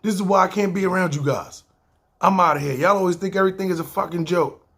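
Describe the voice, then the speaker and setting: A man's voice: high-pitched, fast talker, fairly bright tone. A man with a New York accent quoting an uptight, easily offended young man, preachy and indignant.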